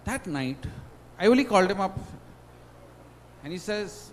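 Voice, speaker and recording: A man's voice: a little high, sing-song, moderate pace, slight background noise, rough recording. Emotional Indian man telling his story. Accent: Indian English. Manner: emotional storytelling with dramatic swings in loudness. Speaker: guest speaker at a student induction. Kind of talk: personal testimony talk.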